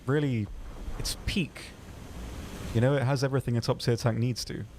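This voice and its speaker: A man's voice: medium pitch, steady tone, normal speed, a little mellow, a little hiss or hum. A man co-hosting a live gameplay stream, laid-back and dry-humored, with plenty of hesitant fillers. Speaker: stream co-host.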